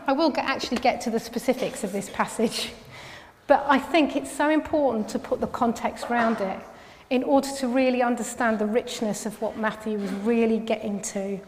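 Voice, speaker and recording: A woman delivers a sermon in a fairly high voice, talking conversationally and restarting her phrases as she goes. She leans hard on the key phrases. Her voice rings with the long reverb of a big church hall. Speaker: preacher.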